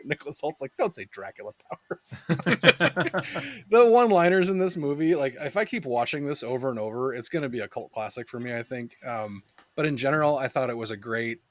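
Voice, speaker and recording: A man's voice: mid-range voice, a little hiss or hum. A young man co-hosting a podcast, casually reviewing a film with lots of laughter and quoted lines. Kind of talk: casual movie review chat.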